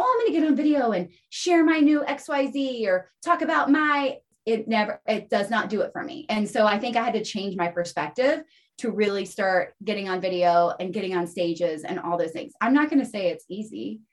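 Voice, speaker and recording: A woman talks through her own story as a podcast guest, animated and chatty, with a voice of middling pitch. She keeps checking in with her listener by tagging her points with "right?". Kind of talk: casual interview chat.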